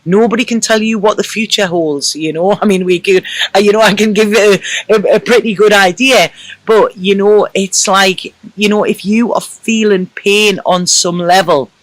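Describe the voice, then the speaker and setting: Man, tarot reader, emotional, reassuring, rambling fillers, fairly high voice, dry close sound. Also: fairly even intonation, normal speed, no echo. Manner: emotional and reassuring, full of "you know" fillers. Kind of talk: casual tarot reading to camera.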